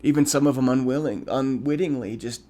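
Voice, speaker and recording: A man's voice: mid-range voice, a little fast, mellow. A man co-hosting a podcast, talking in an earnest, reflective way with frequent restarts and ums. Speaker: podcast co-host.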